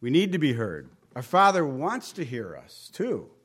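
A man's voice: medium pitch, wildly swooping pitch, moderate pace, fairly bright tone, slightly rough. A man preaching a conversational sermon in a folksy way, with joking asides and questions to the congregation. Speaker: pastor.

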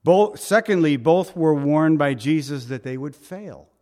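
A man preaching a sermon, telling scripture as vivid scenes with rhetorical questions, dropping soft for tender quoted lines. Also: animated, measured pace. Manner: voice drops soft and low for quoted tender words.

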